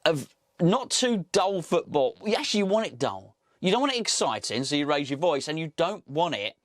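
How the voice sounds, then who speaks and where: A man's voice: a little high, sing-song, normal speed, no echo, studio quality. Wry man talking football. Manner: wry and sarcastic, with frequent asides. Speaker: football podcast host. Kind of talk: casual solo commentary, reading out news.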